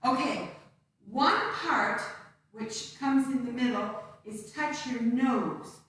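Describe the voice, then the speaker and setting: High-voiced woman as a children's dance teacher, encouraging, far from the mic in a very echoey room. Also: slow, fairly bright tone. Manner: upbeat, coaxing, speaks to small children. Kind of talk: live-streamed kids' dance lesson. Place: room at home, some distance from the camera.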